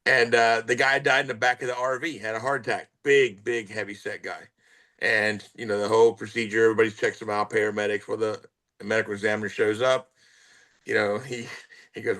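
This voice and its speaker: A man with a fairly low voice co-hosts a casual podcast. He tells stories in a loose, chatty way and stumbles through "uh"s as he gathers his thoughts. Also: little pitch movement, a little fast, pushed and bright. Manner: chatty, hesitant with "uh" fillers. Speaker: podcast co-host. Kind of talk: casual anecdote telling.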